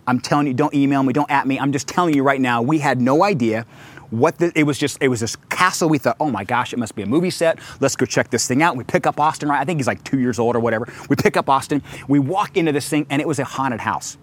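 A middle-aged man preaching a sermon, telling a story with lively acted quotes and shifting between fast storytelling and slow, stressed scripture. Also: mid-range voice. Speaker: pastor.

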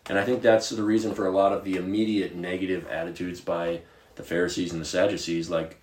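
A man from Virginia co-hosting a podcast, chatting about Bible stories in a casual, animated way with plenty of filler words. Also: low voice, quick pace, echoey room. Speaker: podcast co-host.

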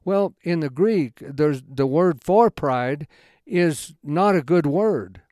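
A man's voice: fairly high pitch, lively intonation, darkish tone, no echo, clean studio sound. Rambling man teaching from scripture. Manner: rambling and halting, with many restarts; folksy, conversational storytelling. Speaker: Bible teacher. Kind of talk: informal Bible study talk.

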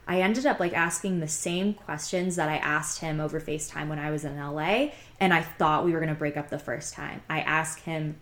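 Young woman telling a story, lower voice. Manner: chatty, heavy use of "like" fillers; frank and confiding, sighs between thoughts. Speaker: podcast host telling her own story. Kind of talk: casual personal storytelling.

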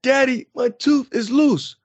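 A man voicing his excited six-year-old son in a high, childish pitch. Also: a little slow, slightly rough, lo-fi sound, full character voice. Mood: surprised.

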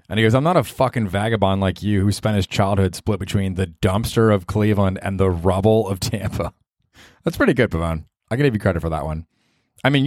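Low, dry-voiced man rambling solo. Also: a little mellow, dry recording. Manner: rambling and self-deprecating, with bursts of mock voices. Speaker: podcast host. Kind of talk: casual solo podcast monologue. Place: his apartment.

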